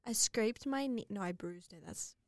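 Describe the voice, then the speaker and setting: A young woman speaks at medium pitch and moderate pace on a podcast she co-hosts, the studio sound clean and echo-free. Casual and giggly, she tells stories with lots of animation.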